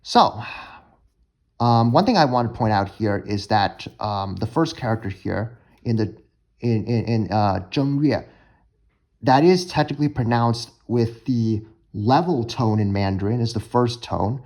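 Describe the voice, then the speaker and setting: A young man walks through vocabulary and pronunciations in a relaxed, chatty lesson. He talks in a mid-range voice, often pausing with fillers and restarting his sentences as he thinks aloud. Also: medium pitch. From United States. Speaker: language learning vlogger. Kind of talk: casual explanatory lesson.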